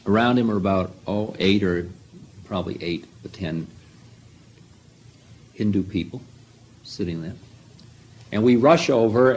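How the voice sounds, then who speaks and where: A man's voice: lowish voice, husky, low-quality recording. A man telling a rambling first-person story, full of asides and self-mocking remarks.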